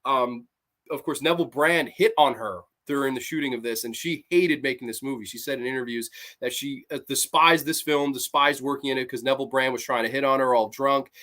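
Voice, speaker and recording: A horror movie show host giving a casual, profane review, rambling with restarts and swinging between low mutters and high excited outbursts. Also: fairly quick. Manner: rambling, with frequent restarts and "like" asides.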